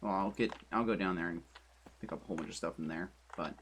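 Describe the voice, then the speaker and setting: A man's voice: deep voice, fast talker, fairly bright tone, slight background noise. Rambling, chatty male streamer. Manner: rambling, chatty, self-deprecating. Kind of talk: casual commentary while building in a game. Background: keyboard typing and clicks.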